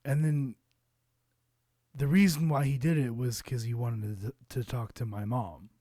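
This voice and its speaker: A man's voice: medium pitch, normal speed, mellow, no echo, clean studio sound. A man casually telling a personal story to camera, rambling with lots of fillers and cursing. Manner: rambling, loose with curses and fillers. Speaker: vlogger.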